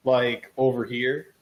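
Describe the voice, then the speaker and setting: A man's voice: medium pitch, rough recording. Rambling, laughing tabletop player man. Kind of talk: casual tabletop play.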